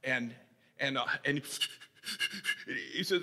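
A middle-aged man preaching a sermon as a pastor, telling stories with passion and swinging from loud cries down to hushed, near-whispered lines. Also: mid-range voice, slow pace, pauses often. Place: college chapel. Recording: chapel reverb from an old cassette tape.

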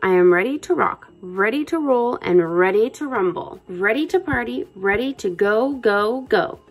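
A woman voicing a brash male mouse who loves pranks, loud and boastful as he shouts through a megaphone. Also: medium pitch, lively intonation, moderate pace.

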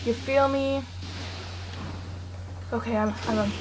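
A woman giving let's play commentary, frantic and swearing, yelling at game characters and dropping to a hushed mutter while hiding. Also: high-pitched, moderate pace. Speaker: gaming channel host.

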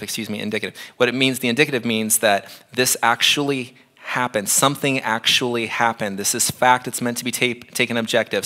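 A man in his thirties preaching in a church, his voice bright and forward. He talks to the congregation casually, then presses his points with emphatic repetition. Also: mid-range voice. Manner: conversational, emphatic, repeats phrases for effect. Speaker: pastor. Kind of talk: sermon.

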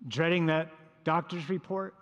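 High-voiced priest preaching in a reverberant hall. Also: male voice, fairly even intonation, unhurried, a bit bright, lo-fi sound. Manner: storytelling, acts out voices of disciples. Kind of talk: sermon.

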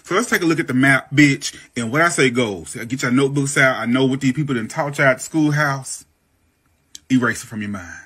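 Sassy Southern woman host from Mississippi, bright and a bit husky, profane comic rant. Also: rumbling low, brisk. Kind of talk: comedic rant to camera.

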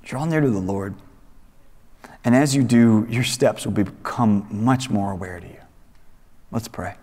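A man teaching a young adults Bible study in a casual, conversational sermon style, animated and acting out quoted voices. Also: fairly low pitch, measured pace, long pauses. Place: church hall. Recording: echoey hall reverb.

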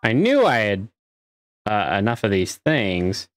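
A man's voice: fairly low pitch, wildly swooping pitch, measured pace, background noise. A man giving casual let's-play commentary, muttering to himself as he works things out and swearing when frustrated. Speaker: gamer playing a space survival game.

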